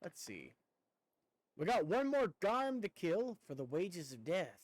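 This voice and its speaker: A man's voice: sits high, sing-song, a little slow, no room sound, rough recording. Chatty young man with a country twang. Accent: rural American Southern twang. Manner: rambling, talkative, casual swearing. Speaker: streamer. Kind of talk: casual chat with viewers while gaming.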